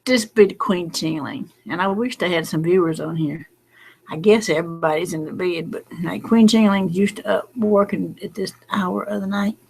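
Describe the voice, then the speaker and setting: A woman's voice: lowish voice, moderate pace, vocal fry, a little mellow. A middle-aged woman, talking in a late-night casual vlog, rambling and folksy, drowsy and close to tears. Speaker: lottery number vlogger.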